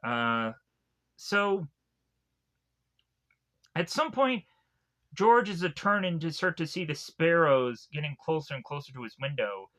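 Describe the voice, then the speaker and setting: Bright, rambling man recapping a film. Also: a little high, sing-song, unhurried, long pauses. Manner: rambling, heavy use of "like" and restarts. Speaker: film reviewer.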